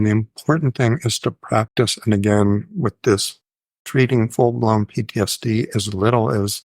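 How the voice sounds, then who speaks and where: A fairly low-pitched man with a gravelly edge to his voice talks as a psychiatrist host in an informal educational style. He is thoughtful and measured, often correcting himself. Now and then he intones short phrases in a sing-song rhythm, and the sound is dry and close. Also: dry recording.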